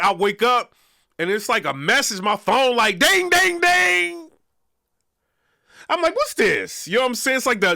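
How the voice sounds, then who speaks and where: A vlog host rambles through casual commentary, sprinkling in "you know what I'm saying." His voice sits high, with vocal fry and a sharp tone, recorded at studio quality with no echo.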